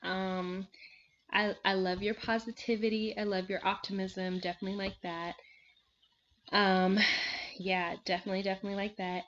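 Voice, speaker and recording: A seated woman at home gives a rambling, filler-heavy review of a reality show, punctuated by frequent laughter and sighs. Her voice is on the low side and fairly bright, and the slightly dull lo-fi recording has slight background noise.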